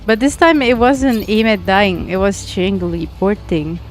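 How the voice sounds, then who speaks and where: With soft music playing behind her, a woman from France speaks at medium pitch, expressively and a little slowly, in a French accent. She's giggly and talkative while gaming on stream, greeting her viewers by name in casual chat.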